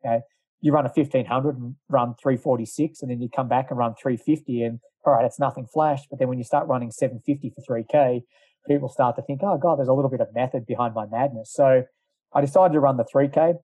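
Middle-aged man, ex-runner, storytelling, loose and rambling, mellow dark tone. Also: mid-range voice, steady tone, a little fast, no echo. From Australia. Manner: rambling, lots of fillers and asides. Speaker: former distance runner. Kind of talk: casual storytelling.

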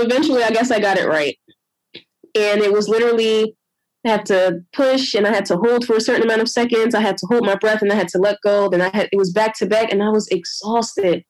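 A woman with a fairly high voice tells a personal story in an easygoing, conversational way. She is animated and slips into lively voices when she quotes people. The sound is dry and close, with no room around it. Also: fairly quick, no echo, poor audio. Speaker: guest sharing a personal story.

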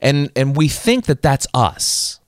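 A man's voice: mid-range voice, very animated, takes it slowly, no echo, studio quality. Earnest man giving self-help advice. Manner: earnest, repeats words and acts out his inner voice. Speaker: guest. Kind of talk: reflective self-help talk.

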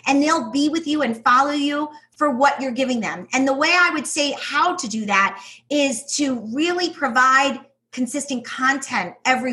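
A woman's voice: sits high, sharp tone. A woman with a New York accent, a guest in an interview, talking in an enthusiastic, emphatic way and laughing often. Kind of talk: casual interview talk.

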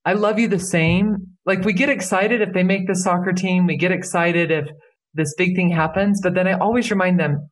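Earnest middle-aged woman guest, animated, emphatic, conversational. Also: on the low side, moderate pace. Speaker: podcast guest, parenting expert. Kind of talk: casual conversation.

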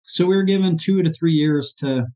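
A man, a therapist, telling his personal story as an interview guest in an earnest, halting, emotional way. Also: a little high, mellow. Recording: dull lo-fi sound.

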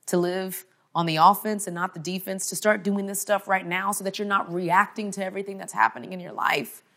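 A woman speaking to an audience in an emphatic, conversational motivational faith talk. She often checks in with "okay?" and drops her voice softly on key points. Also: medium pitch, steady tone, brisk. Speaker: conference speaker.

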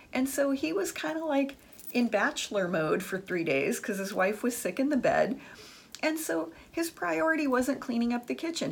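A woman's voice: on the high side, vocal fry, breathy edge. A woman giving relationship advice in a chatty, frank monologue, telling stories about friends. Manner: chatty, frank, uses "like" and "the truth is" often. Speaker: dating and relationship advice speaker.

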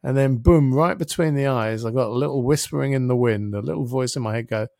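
Middle-aged male podcast guest, gravelly and dry-miked, a lively storyteller who swears casually. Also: mid-range voice, brisk, dry recording. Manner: vivid storyteller who acts out his own inner voice, casual swearing. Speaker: interview guest, helps people with their thinking. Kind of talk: reflective storytelling in a podcast conversation.

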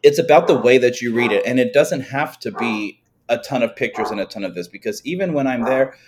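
Enthusiastic podcast host chatting from home. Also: male voice, mid-range voice, noisy background. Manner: enthusiastic, quick to agree. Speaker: podcast host, former teacher. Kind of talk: casual conversation. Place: at home with dogs nearby.

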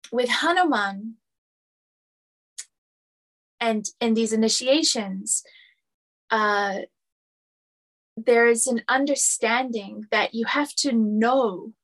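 Slow, earnest woman giving a spiritual lecture. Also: on the high side, a bit bright. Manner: earnest, repetitive, building phrases. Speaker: spiritual teacher.

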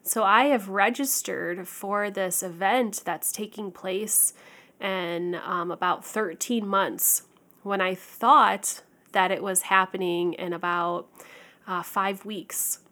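A woman's voice: mid-range voice, fairly even intonation, slow, sharp tone. A woman hosting her own coaching podcast, talking candidly and chattily with fillers and the odd "like". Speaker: podcast host and life coach. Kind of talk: podcast monologue.

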